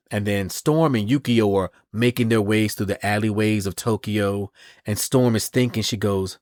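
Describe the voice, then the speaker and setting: Low-voiced man recapping comics. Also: moderate pace, darkish tone, no echo, studio quality. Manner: chatty storytelling, retells scenes with "and she goes". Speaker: podcast host. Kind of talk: casual comic-book recap.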